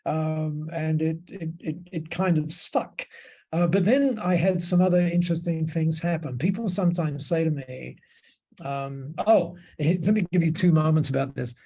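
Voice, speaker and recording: A man telling stories as a podcast guest. His voice is gravelly and mellow, and sits a bit high for a man. He rambles through his anecdotes with plenty of restarts. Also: moderate pace. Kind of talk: storytelling in a podcast interview.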